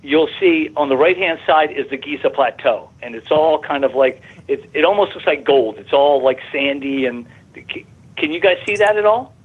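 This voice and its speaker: A man calls in to a radio talk show and tells his story in a rambling, halting way, restarting sentences and growing excited. His voice is husky and comes through a thin, tinny phone line. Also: fairly high pitch. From Arizona, USA. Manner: rambling, repeats words and restarts, grows excited. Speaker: radio guest.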